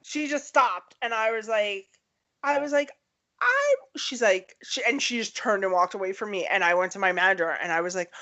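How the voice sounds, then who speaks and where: A woman's voice: mid-range voice, sing-song, moderate pace, bright, forceful tone. A young woman co-hosting a podcast in casual chat, telling stories animatedly and acting out the voices of people she quotes. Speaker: podcast co-host. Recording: dull lo-fi podcast audio.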